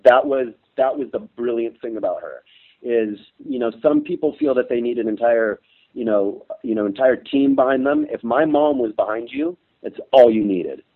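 A man's voice: mid-range voice, big pitch swings, moderate pace, vocal fry. A middle-aged man talking in an emotional interview, hesitant and full of restarts, sometimes choked up. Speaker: interview guest. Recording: tinny phone line.

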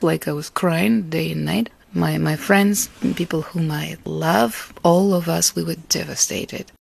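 A woman from Russia, a Russian native speaker, giving an interview about her life and art in an earnest, reflective way, with soft laughs between thoughts. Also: sits low, fairly even intonation, a little slow, creaky, husky. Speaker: artist and interviewee. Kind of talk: interview answers.

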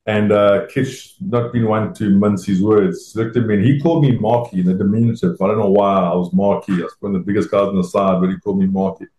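A South African man, a former rugby player, telling an animated, self-deprecating anecdote and acting out the voices of the people in it. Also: on the low side, a little fast, few pauses. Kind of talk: anecdotal storytelling. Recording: roomy echo.

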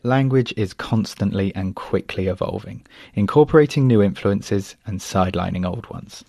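Brief: male reporter, southern English accent, low gravelly voice, dry booth sound. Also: moderate pace, a little mellow, no echo. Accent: Standard Southern British English. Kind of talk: scripted report narration.

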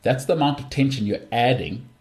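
A man's voice: mid-range voice, fairly quick, darkish tone. A young man hosting a solo podcast, talking in a chatty, jokey way and jumping between asides. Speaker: podcast host.

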